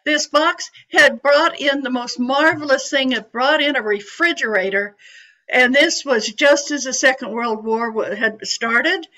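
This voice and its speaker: A woman in her eighties from California, a psychic medium telling her story to an audience in a chatty, animated way. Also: high voice, measured pace, poor audio. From California, USA. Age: 80s.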